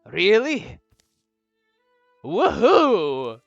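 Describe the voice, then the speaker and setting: A man voicing an eager young woman adventurer who is a gushing superfan, breathless and excitable. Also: sits high, normal speed, no room sound, highs cut off, faint music behind, voice pushed up. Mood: excited.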